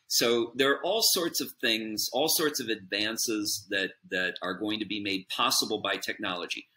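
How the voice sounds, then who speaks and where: Speaking in a lowish, sharp voice, the business chairman explains his views earnestly as a podcast guest. His conversational interview answer is full of fillers, and he tends to end points with "right?"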